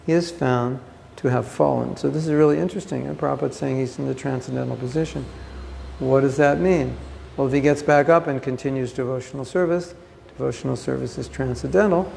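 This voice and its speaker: A man's voice: a little high, gravelly, darkish tone, long reverb tail, slight background noise. A man giving a scripture class, reading a passage aloud and then explaining it with emphatic asides, recorded on a phone.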